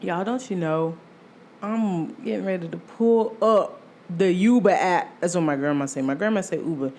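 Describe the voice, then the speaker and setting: A woman's voice: on the low side, moderate pace. A young adult woman hosting her podcast, telling a casual personal story with lots of laughter and acted-out quotes. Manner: animated, laughs often, acts out quoted voices. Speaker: podcast host.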